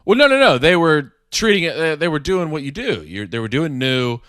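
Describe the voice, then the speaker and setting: A man co-hosting a podcast in casual chat, animated and quick to slip into mock voices. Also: on the high side, no echo, studio quality. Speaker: podcast co-host.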